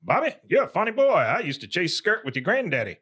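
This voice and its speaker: A man putting on a loud old boss. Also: high-pitched, huge pitch swings, fast, slightly rough, voice pushed up, exaggerated voice. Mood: hearty. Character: boisterous older male propane company boss.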